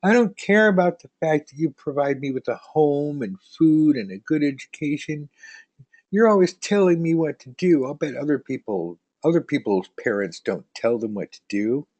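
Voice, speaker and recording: A man's voice: fairly high pitch, lively intonation, moderate pace, a little mellow, no echo, pitched above the performer's own voice. A man voicing a sulky teenage boy who talks back to his parent, whining and petulant. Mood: whiny. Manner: complaining, petulant.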